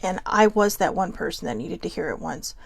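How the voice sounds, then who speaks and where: A mental health vlogger shares a personal story with her viewers in an earnest, reflective way. Her voice is on the low side, expressive and a little fast, with vocal fry and slight roughness, and there's no room sound.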